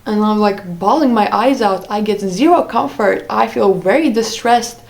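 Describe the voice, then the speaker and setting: A woman's voice: mid-range voice, normal speed, creaky. Young woman rambling through a personal story. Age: young adult. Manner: rambling with frequent fillers and restarts. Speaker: vlogger. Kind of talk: casual storytime monologue.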